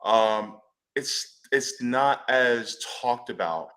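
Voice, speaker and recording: A man speaks on a panel in an emphatic, blunt way, letting loose a curse when worked up. His voice is bright and forward, set at an average pitch. He leans hard on his key points. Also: very slow. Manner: emphatic, blunt, swears freely. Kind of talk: impassioned panel discussion.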